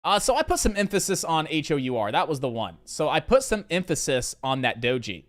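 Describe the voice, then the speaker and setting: A man's voice: fairly high pitch, big pitch swings, fairly quick. Rambling man hosting a trading stream. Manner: loose, rambling, answers viewer questions with fillers; repeats key points in lists. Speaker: day trading live stream host. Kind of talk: casual live stream Q&A.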